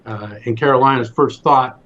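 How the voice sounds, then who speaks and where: A man's voice: medium pitch, moderate pace, fairly bright tone. Man, mid-range voice, emphatic storyteller, dull lo-fi recording. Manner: emphatic, repeats words as he builds a point. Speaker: speaker in a faith discussion. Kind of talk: earnest storytelling talk.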